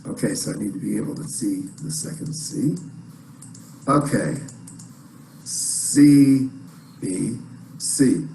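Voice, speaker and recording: A man's voice: lowish voice, unhurried, vocal fry, a little mellow. A man teaching chant in an online lesson, explaining in plain words between short sung phrases. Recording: roomy echo, faint noise.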